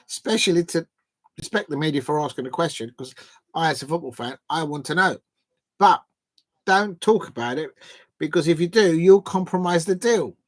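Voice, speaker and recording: A man's voice: fairly high pitch, no room sound. A man hosting a live football transfer show, chatty and hesitant, with lots of fillers as he reads out quotes.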